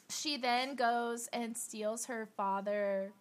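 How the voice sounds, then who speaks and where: A woman co-hosting a casual movie podcast, recapping scenes with frequent laughs and quick acted-out lines. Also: fairly high pitch. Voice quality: lively, laughs often, acts out lines in voices. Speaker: podcast co-host. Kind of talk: casual chat about movies.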